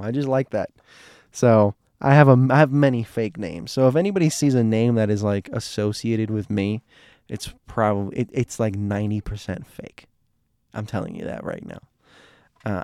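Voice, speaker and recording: A man's voice: on the low side, darkish tone, clean tone, no echo, clean studio sound. A young man talking casually to his viewers in a rambling, digressive way, restarting his sentences often.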